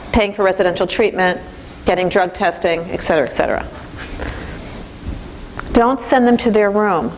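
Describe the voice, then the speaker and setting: A woman giving a parenting training lecture in an animated way, acting out the voices of teens and parents. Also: mid-range voice, a little hiss or hum.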